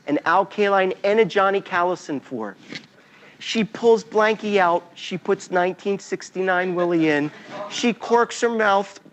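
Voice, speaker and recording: A man giving a talk as a storyteller, acting out scenes and sounds as he goes. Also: on the high side. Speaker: invited speaker.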